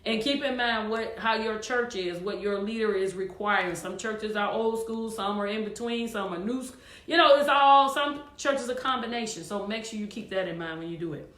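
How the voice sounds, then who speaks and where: A woman's voice: mid-range voice, normal speed, a bit bright, reverberant. A woman choir director hosting her show, talking casually and encouragingly to viewers, with frequent fillers.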